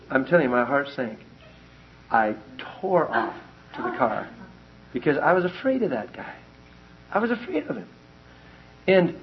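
Animated preacher man, lively swinging voice. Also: medium pitch, a little hiss or hum. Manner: animated storyteller, repeats lines for emphasis. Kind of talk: sermon with personal storytelling. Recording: dull lo-fi recording.

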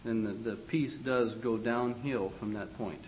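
A man's voice: on the low side, steady tone, a little slow, muffled recording, a little hiss or hum. A man teaching a choir class, explaining phrasing in short broken phrases and talking directly to his students. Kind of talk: classroom instruction.

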